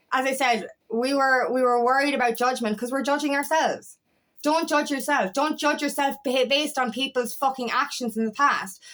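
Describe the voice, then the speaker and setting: A woman's voice: high voice, fairly bright tone. Fiery, swearing woman coach. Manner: fiery, swears often, repeats herself. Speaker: empowerment coach. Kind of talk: impassioned motivational monologue.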